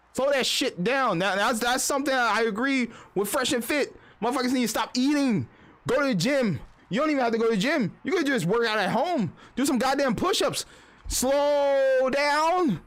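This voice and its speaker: A man's voice: very high voice, fairly bright tone. A young man streamer on a casual livestream, ranting bluntly with lots of swearing. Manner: profane, blunt, fast-talking.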